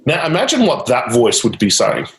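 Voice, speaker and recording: A man guides a client through a live coaching exercise, steering each step with repeated prompts and a quick laugh now and then. His voice sits in the middle range. The sound carries a roomy echo. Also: medium pitch, huge pitch swings. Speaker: change-technique coach.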